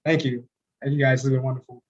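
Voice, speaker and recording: A man doing a stand-up set, telling self-mocking stories in a deadpan way. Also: mid-range voice, quick pace. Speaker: stand-up comedian. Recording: dull lo-fi livestream audio.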